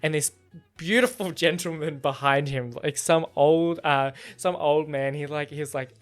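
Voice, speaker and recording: A young man hosting a casual solo podcast, telling a story in an animated, profane way, jumping between loud outbursts and muttered asides. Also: on the high side, measured pace, soft background music. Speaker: podcast host.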